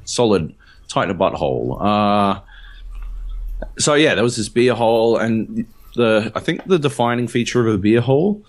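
A man's voice: fairly low pitch, expressive, normal speed. A man co-hosting a podcast, telling a rambling, profane story full of fillers in casual chat. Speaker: podcast co-host.

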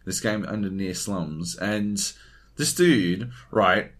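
The co-host here, a man on a casual gaming podcast, has a lowish voice and speaks slowly. His manner is animated, full of free swearing and acted-out quotes.

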